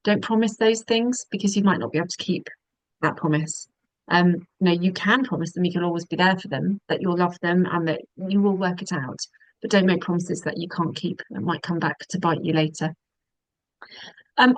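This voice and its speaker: A woman, a divorce specialist giving calm, measured webinar advice with frequent ums. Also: mid-range voice, no room sound, poor audio.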